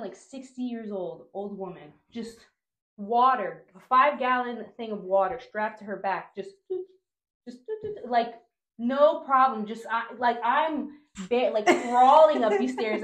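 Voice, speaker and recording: A woman from Honduras chats as a podcast guest and tells her travel story with lively energy. She laughs often and talks in fillers and restarts. Her voice is middle-pitched, and the room gives it a clear echo. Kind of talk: casual storytelling chat.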